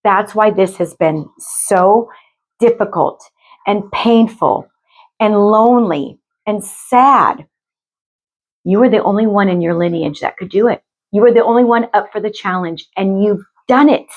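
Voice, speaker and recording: Slow, gentle woman giving a spiritual reading. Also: mid-range voice, highs cut off. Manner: slow, gentle, emotional, addresses viewers as you guys. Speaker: spiritual reader. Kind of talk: intuitive card reading for viewers.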